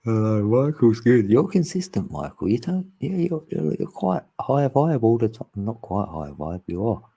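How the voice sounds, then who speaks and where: A man's voice: mid-range voice, very animated, normal speed, gravelly, warm tone, slightly rough. A man hosting an online group chat, rambling casually and laughing often.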